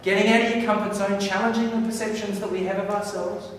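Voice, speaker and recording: A man giving a motivational talk on stage, animated and coaxing the audience to answer back. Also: high-pitched, quick pace, slight background noise. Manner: animated, coaxing the crowd into call-and-response. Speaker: motivational speaker. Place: large hall with a live audience. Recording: echoey hall, voice picked up from a distance.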